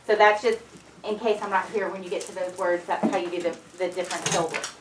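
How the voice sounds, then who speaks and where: A woman teacher leading a phonics lesson in a classroom, drilling words slowly and clearly. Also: lowish voice, steady tone, slight background noise. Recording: echoey room from a distance.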